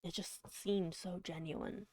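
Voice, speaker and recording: Soft-spoken, emotional woman streamer. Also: fairly low pitch, fairly even intonation, no room sound. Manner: soft-spoken and emotional, often dropping into a whisper; halting, with many restarts and fillers. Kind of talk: casual chat on a live poetry reading stream.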